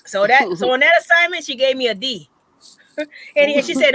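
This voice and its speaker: A woman hosting an online birthday chat, telling animated stories and laughing often. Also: sits high, moderate pace, no room sound. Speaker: host. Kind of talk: casual chat. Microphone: online call.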